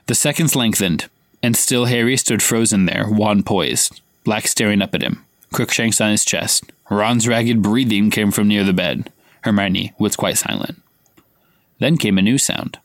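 A man's voice: on the low side, unhurried, dry recording. Man reading a novel aloud, dry sound. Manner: reads dialogue with light acting, stops to quiz his co-host. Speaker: podcast co-host reading aloud. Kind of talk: casual read-aloud of a novel with banter.

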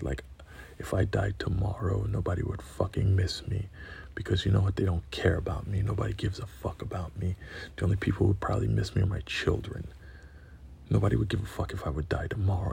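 A man's voice: low-pitched, gravelly, a little mellow, slightly rough. A middle-aged man giving a candid, profane, confessional personal monologue. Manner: raw, profane, confessional storytelling. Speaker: podcast host.

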